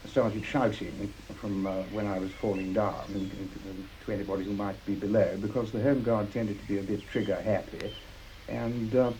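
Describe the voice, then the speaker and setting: Older man, mellow and understated. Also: on the low side, fairly even intonation, slight background noise, rough recording. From Britain. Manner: understated, halting, with many uhs. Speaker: interviewee, war veteran. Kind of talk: personal recollection.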